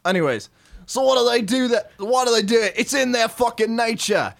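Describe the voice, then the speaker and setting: A man voicing a gruff, swearing narrator in a put-on Australian accent, reading game rules with a loud, strained swagger. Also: very high-pitched, fairly quick, voice pushed up, exaggerated voice.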